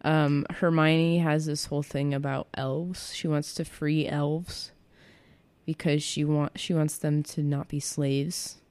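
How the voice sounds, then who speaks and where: A woman's voice: low-pitched, flat delivery, slow pace, a little mellow, no room sound. A young woman chatting casually about books, rambling with lots of fillers and giggles.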